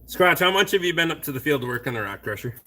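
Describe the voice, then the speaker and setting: Quick and expressive, with a sharp, fairly high voice, a middle-aged man runs a laid-back late-night stream. He rambles, responds to chat messages, and curses heavily in a blunt way.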